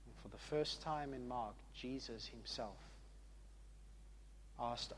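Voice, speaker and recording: A man preaching a sermon in an emphatic way, moving between hushed and loud passages and often repeating words. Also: mid-range voice, slow, long pauses, slight background noise.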